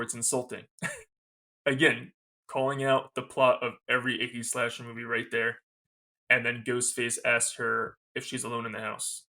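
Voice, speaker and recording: Bright-voiced chatty male podcast host. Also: medium pitch. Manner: chatty retelling, quoting lines, laughing often. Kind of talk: casual movie recap.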